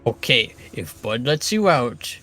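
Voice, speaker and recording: A man playing a simple-minded, brutish male first mate who speaks about himself in the third person in a halting, blunt way. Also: medium pitch, big pitch swings, loud music behind the voice.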